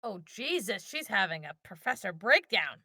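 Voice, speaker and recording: A woman playing a tabletop game, expressive and joking, swearing freely. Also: medium pitch, normal speed, breathy edge, no echo, studio quality. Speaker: player. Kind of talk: casual tabletop game play.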